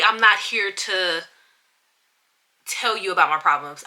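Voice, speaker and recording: Young woman podcast host, very bright tone, lively storyteller who mimics others. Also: mid-range voice. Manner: animated, acts out other people's lines. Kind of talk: casual storytelling chat.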